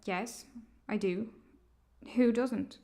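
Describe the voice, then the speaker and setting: A woman voicing a lonely young woman who plans an opera, talking in a blunt, defensive way in an animated film. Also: mid-range voice, very slow, creaky.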